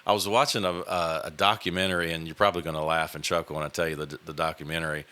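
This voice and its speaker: A man's voice: very deep voice, little pitch movement, very fast, sharp tone. A man, hosting a podcast and telling a personal story in a casual, earnest way, with many fillers and restarts. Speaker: podcast host.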